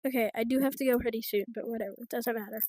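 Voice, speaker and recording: A woman's voice: on the high side, fairly even intonation, rapid-fire, mellow, a little hiss or hum. An American woman giving game trading tips in rambling, casual commentary, full of fillers like "like" and "so". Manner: rambling, filler-heavy, offhand.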